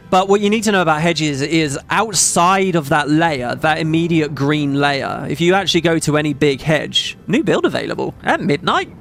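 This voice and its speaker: A man's voice: on the high side, a little hiss or hum. A man telling a story in a casual vlog, rambling and emphatic, swearing freely. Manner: rambling, profane, emphatic retelling. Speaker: gaming video creator.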